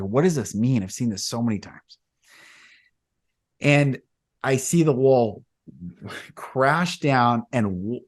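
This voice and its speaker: Man musing in rambling talk. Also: mid-range voice. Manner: rambling storyteller, grows animated when retelling stories. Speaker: podcast host. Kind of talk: casual spiritual conversation.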